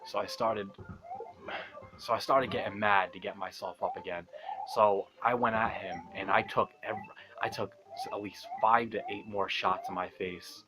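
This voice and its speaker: A young man telling a long story as he plays a video game, rambling, swearing and mocking himself, speaking softly because it is late at night. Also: lowish voice, wildly swooping pitch, normal speed, background noise. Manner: rambling, profane, self-mocking, laughs often. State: talking quietly at night. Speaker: gaming channel host. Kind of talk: casual storytelling over gameplay.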